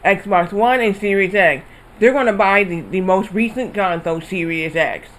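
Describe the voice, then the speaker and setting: High-pitched and at normal speed, a gamer rambles through a lively story as he streams, swearing casually along the way. The recording is rough, with slight background noise.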